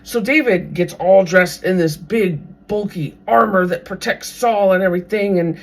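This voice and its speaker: A podcast host retelling a Bible story in a casual, animated way, now and then acting out what the characters might think. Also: medium pitch, moderate pace. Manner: animated, briefly acts out characters' thoughts.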